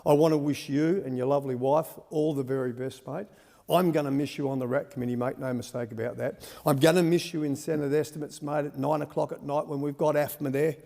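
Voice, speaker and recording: An Australian senator giving a rambling, folksy farewell speech in parliament, calling the listener "mate" again and again. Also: male voice, on the high side, fairly even intonation, brisk, gravelly, mellow. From Western Australia. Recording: reverberant parliamentary chamber.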